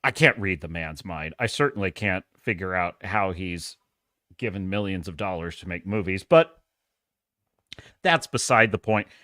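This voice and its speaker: A man's voice: deep voice, lively intonation, moderate pace, bright, forceful tone, dry recording, clean studio sound. A man chatting casually on a live stream, telling stories with sarcasm, frequent laughs and restarts, and sharing strong opinions.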